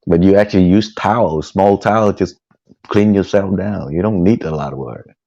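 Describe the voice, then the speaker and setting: A man with a low, deep voice talks casually into a cheap headset mic. He halts and restarts his words and laughs easily. The audio sounds muffled and lo-fi. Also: moderate pace, creaky, warm tone. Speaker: guest van dweller. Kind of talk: casual live-stream chat. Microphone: headphone headset mic.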